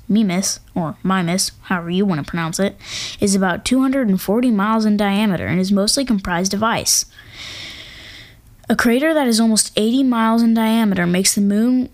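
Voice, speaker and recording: A woman's voice: medium pitch, a little mellow. A woman hosting an astronomy talk, reading facts in a casual way and adding jokey asides into a home microphone. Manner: playful, jokey asides, hums drum rolls. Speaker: podcast host. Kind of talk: casual educational narration.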